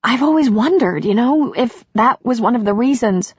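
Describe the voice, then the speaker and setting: An emotional, self-doubting romance heroine, voiced by a woman narrator, her breathy voice rising high and quick. The recording is dull and lo-fi. Her lines tumble out fast and a little shaky. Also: lively intonation, dry recording.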